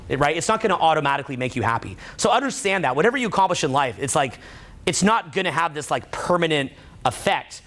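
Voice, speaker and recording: Rambling man, slightly high voice. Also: fairly bright tone. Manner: rambling, heavy use of "like" and "right?". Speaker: seminar speaker. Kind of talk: casual live seminar talk. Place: room with a live audience.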